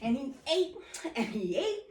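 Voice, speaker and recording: An animated woman storyteller tells a folk tale in a singsong rhythm, with a high voice that leaps up and down. She is recorded from some way off, in a room that echoes, with faint noise behind her. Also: a little slow. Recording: echoey room, distant mic.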